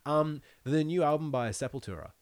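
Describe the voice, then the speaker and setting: A young man talks as a podcast guest, his pitch swinging widely as he rambles between thoughts. He laughs often and swears casually. The sound is close and dry. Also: lively intonation, fairly quick, no echo. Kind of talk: casual interview chat.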